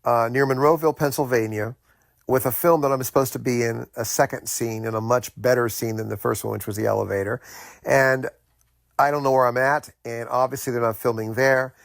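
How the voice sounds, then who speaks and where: A man's voice: medium pitch, steady tone, a little fast, gravelly, no echo. A middle-aged man from the United States telling a personal story in a casual, rambling way, with many fillers and restarts.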